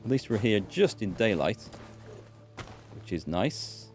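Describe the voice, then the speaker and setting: A chatty British man talks over his game in a low voice with a lively, bouncing pitch. He answers his chat casually, and faint game music sits underneath him. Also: slow pace, long pauses. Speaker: let's play gamer and streamer. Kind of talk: casual live-stream commentary.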